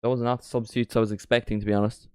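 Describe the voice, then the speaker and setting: A man's voice: mid-range voice, little pitch movement, rapid-fire, a little mellow, smooth, dry recording. A man hosting a live football watchalong, chatting casually with a jokey, rambling manner.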